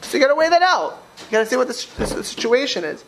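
A man's voice: very high-pitched, big pitch swings, racing, creaky, a little hiss or hum, low-quality recording. A man teaching a religious class as a rabbi, talking informally, repeating words and acting out quoted speech as he questions his listeners.

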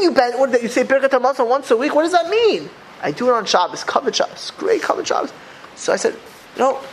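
A middle-aged man, a rabbi giving a Torah class in a lively way, often repeating words and firing off rhetorical questions. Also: high voice, noisy background.

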